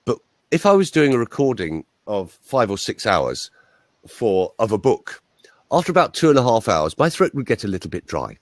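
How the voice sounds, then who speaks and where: A man with a standard Southern English accent and a fairly low voice that rises and falls a great deal. He tells stories with energy and slips into other people's voices. The sound is dry and close. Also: normal speed, no echo. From Ireland. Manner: animated storyteller, mimics voices. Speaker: voice coach. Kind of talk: interview, anecdotal chat.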